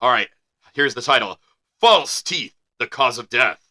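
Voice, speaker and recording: A man reading an article aloud on a podcast, dropping wry asides as he goes. His voice is very bright and sharp, at a middling pitch. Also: lively intonation, a little slow. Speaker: podcast co-host. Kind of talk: reading a story aloud in casual banter.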